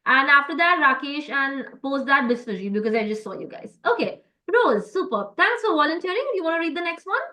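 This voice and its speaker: A woman's voice: sits high, big pitch swings, a little fast, hardly any pauses, sharp tone, low-quality recording. A woman teaching French in an online class, explaining step by step with many fillers and lots of encouragement.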